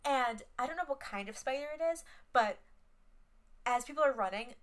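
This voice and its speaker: A young woman co-hosting a podcast in casual chat, animated, swearing freely and filling her talk with "like". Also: fairly high pitch, moderate pace. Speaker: podcast co-host.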